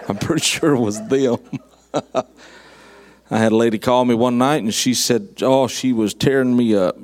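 A man's voice: mid-range voice, darkish tone. A middle-aged man, preaching a sermon in a folksy, storytelling way with dry humor. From southern United States. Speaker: guest preacher.

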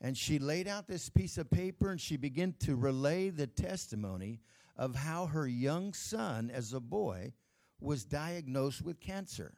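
Male pastor, high pitch, emphatic storytelling sermon. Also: expressive, a little slow, gravelly, darkish tone.

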